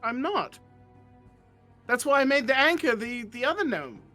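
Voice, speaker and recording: A man from Canada playing a tabletop game, friendly and a bit halting. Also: very high-pitched, sing-song, bright, forceful tone, faint music behind. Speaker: player. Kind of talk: casual tabletop play.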